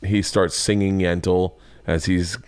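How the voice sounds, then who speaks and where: Male podcast host, 40s, lowish voice, animated anecdote teller who acts out dialogue, dry close mic. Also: slow pace, smooth, dry recording. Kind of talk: casual chat.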